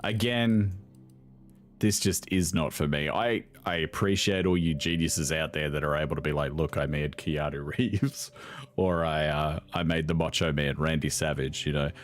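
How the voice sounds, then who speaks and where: A man's voice: extremely low pitch, fairly even intonation, moderate pace. A young man commentating on a video game in a casual, sarcastic way, swearing freely and laughing often. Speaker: gaming video host.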